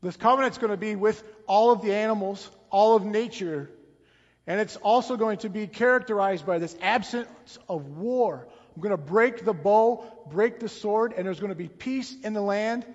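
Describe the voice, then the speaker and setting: A man's voice: high-pitched, normal speed. A man preaching a sermon, telling the story dramatically and often repeating words as he goes. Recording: long reverb, dull lo-fi sound.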